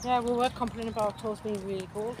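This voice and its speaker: A woman chatting casually with her sister on a walk in a park, relaxed and quick to laugh. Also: fairly high pitch, a little hiss or hum. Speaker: vlogger's sister. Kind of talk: casual chat. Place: park outdoors.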